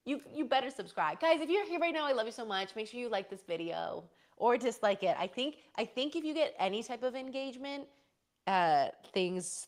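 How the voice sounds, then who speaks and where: A young woman chatting casually on a live stream, rambling through stories and answering chat with playful slang. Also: on the high side.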